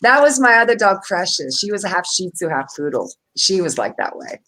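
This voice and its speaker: A woman hosts a livestream in loose, casual chat, and her pitch swings widely from line to line. She talks bluntly and emphatically. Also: big pitch swings, brisk, pushed and bright. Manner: blunt and emphatic, mocks others in quoted voices. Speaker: live stream host.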